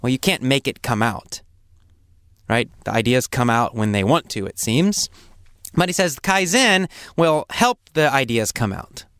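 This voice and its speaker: Male English teacher, patient and repetitive, clear smooth voice, dry close recording. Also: medium pitch, animated, a bit bright, dry recording. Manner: slow, patient, repeats words and examples; acts out coughs and sample phrases. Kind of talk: explaining vocabulary in a lesson.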